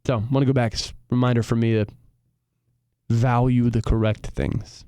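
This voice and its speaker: A young man chats as a guest in a studio, mixing thoughtful reflection with quick jokes. His voice is smooth and clear, and the close mic leaves it dry with no room sound. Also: mid-range voice, flat delivery, warm tone, dry recording. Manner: reflective, joking. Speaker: guest musician. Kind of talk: casual chat.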